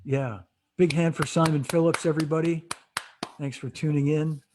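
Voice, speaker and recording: A man's voice: a little high, steady tone, normal speed, background noise. A man hosting a casual interview over a video call, telling a rambling story with many restarts and frequent laughs. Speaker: host.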